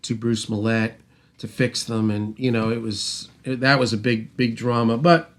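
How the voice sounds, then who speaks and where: A middle-aged man tells a long story in a loose, casual way. He rambles and restarts, then acts out what other people said. His pitch is ordinary, neither high nor low. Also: normal speed. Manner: animated, rambling, with restarts and acted-out quotes. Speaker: host, mixing engineer.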